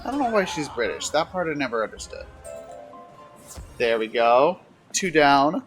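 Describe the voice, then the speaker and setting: A man's voice: on the high side, very animated, moderate pace, soft background music. A man streaming a game from his room, talking to the screen in a sassy, teasing way. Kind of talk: casual gameplay commentary.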